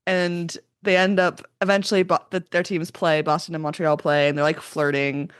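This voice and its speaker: A woman's voice: lowish voice, flat delivery, moderate pace, smooth, no room sound, clean studio sound. A woman co-hosting a podcast, casually recapping scenes and often chiming in to agree. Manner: chatty recaps, frequent agreeing "mm-hmm" and "yep". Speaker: podcast co-host. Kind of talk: casual chat.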